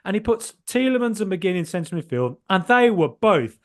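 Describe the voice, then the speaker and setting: A man hosts a casual football podcast in an animated, joking way. He swears mildly and often breaks off and restarts his sentences. His voice sits fairly high. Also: moderate pace. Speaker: podcast host.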